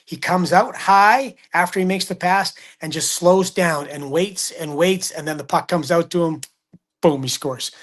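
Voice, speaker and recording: A man's voice: on the high side, measured pace. A middle-aged man, a hockey broadcaster telling stories in casual sports chat and acting out the quotes. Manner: animated storyteller, acts out quotes.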